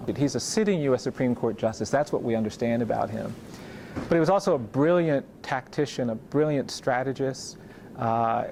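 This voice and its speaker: Gravelly man explaining history with admiration. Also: medium pitch, darkish tone, a little hiss or hum. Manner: measured, admiring, with frequent fillers. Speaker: commentator on civil rights history. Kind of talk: explanatory talk.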